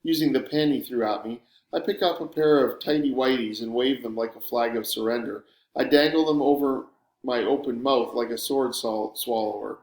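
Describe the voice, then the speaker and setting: A man's voice: medium pitch, moderate pace, a little mellow. Man narrating in a roomy room. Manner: sardonic, wry storytelling. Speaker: audiobook narrator. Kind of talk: first-person audiobook narration.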